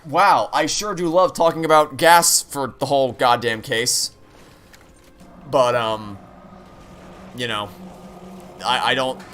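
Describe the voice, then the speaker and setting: A man's voice: medium pitch, sharp tone, a little hiss or hum. A young man streaming a game, rambling candidly with frequent restarts and profanity. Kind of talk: live-stream chat while gaming.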